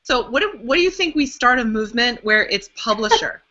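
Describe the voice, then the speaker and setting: A woman with a bright, fairly high voice co-hosts a live web show over a video call. She sounds friendly and encouraging as she speaks to the guest and the viewers. The sound is dull and lo-fi, like web stream audio. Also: animated, a little fast.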